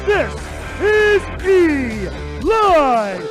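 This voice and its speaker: A booming ring announcer with a high voice, stretching each word out slowly for effect. Loud entrance music plays behind him. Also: male voice, very animated. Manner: drawn-out, booming.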